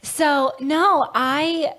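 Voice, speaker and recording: A woman's voice: high voice, steady tone, extremely slow, fairly bright tone. A woman from Alabama with a mostly neutralized Southern accent, co-hosting a podcast in casual, chatty talk and laughing often. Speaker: podcast co-host. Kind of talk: casual chat.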